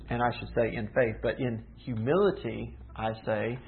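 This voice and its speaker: Man preaching through a tinny line. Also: medium pitch. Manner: earnest teaching, rhetorical questions, emphatic slowdowns. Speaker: pastor. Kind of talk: sermon. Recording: tinny phone-like sound.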